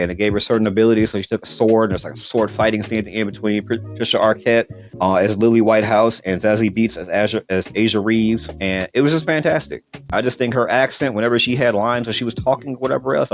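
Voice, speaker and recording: A man hosting a podcast, giving a rambling, emphatic movie review and swearing casually. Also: lowish voice. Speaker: podcast host and film reviewer.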